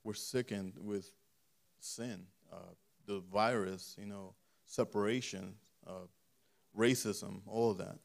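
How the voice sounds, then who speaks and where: A man's voice: fairly low pitch, steady tone, takes it slowly, creaky. A man preaching a sermon in a church, his voice giving out, with a fervent, repetitive cadence that moves into a closing prayer.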